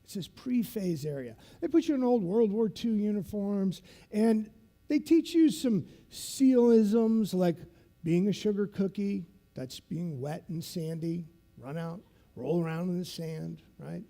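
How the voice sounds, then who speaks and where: A man's voice: high voice, animated, a little slow, gravelly, dark tone. A man in his fifties giving a motivational keynote, telling a vivid story and checking in with the audience as he goes. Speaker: keynote speaker.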